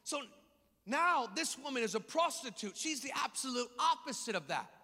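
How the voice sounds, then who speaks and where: Fervent high-voiced male preacher, reverberant hall. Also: sing-song, moderate pace. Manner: fervent, builds to shouting and sing-song cadence. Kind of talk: sermon. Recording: long reverb of a large hall.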